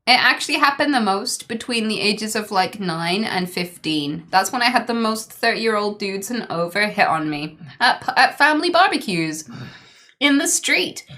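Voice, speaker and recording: A woman's voice: medium pitch, animated, normal speed, pushed and bright. A woman streamer reacting to clips, emphatic and outspoken.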